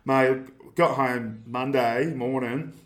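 A man's voice: medium pitch, steady tone, slow. A young Australian man chatting casually, rambling and slangy, laughing often. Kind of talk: casual banter. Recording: echoey room.

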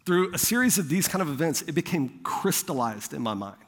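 A fairly high-voiced young man preaches from the pulpit, telling a story about himself in a loose, conversational way. He acts out the people he quotes, and his voice rings with the long reverb of a big hall. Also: big pitch swings, a little fast. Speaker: pastor. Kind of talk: sermon with personal story.

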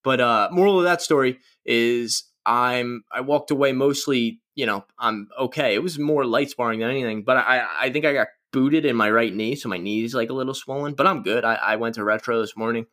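A man's voice: medium pitch, fairly quick, few pauses, fairly bright tone. A young man hosting a casual solo podcast, rambling through stories with crude, self-mocking jokes. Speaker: podcast host.

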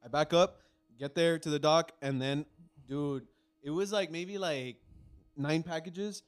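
A man's voice: fairly high pitch, a little slow, clear, resonant tone. A man co-hosting a casual podcast, telling a long rambling story with lots of swearing and restarts. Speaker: podcast co-host.

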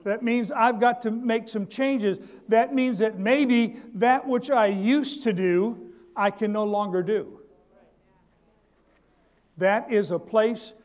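A man's high, slightly mellow voice carries a sermon full of stammering restarts. He calls out to the congregation for a response and keeps repeating his key lines.

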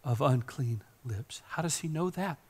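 A man preaching a sermon, swinging from hushed whispers to loud, impassioned preaching. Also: medium pitch, lively intonation, measured pace, breathy edge. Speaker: pastor.

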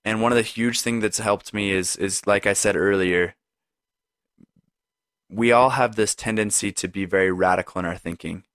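Earnest low-voiced man hosting a podcast. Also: moderate pace, fairly bright tone, dry recording, clean studio sound. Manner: earnest, speaks straight to the listener; conversational, with frequent "right?" and "like". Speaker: podcast host. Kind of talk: reflective solo podcast talk.

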